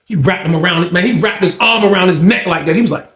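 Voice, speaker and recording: A man telling a story in a casual, animated, slangy way, acting out the scenes. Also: high-pitched, quick pace, echoey room.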